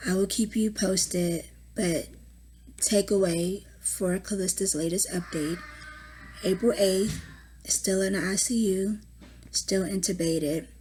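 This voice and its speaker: A young woman, a mother recording a personal video diary at home, exhausted and distraught, speaking haltingly and often dropping to a whisper. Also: mid-range voice, fairly even intonation, warm tone, breathy edge. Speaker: mother giving a family update.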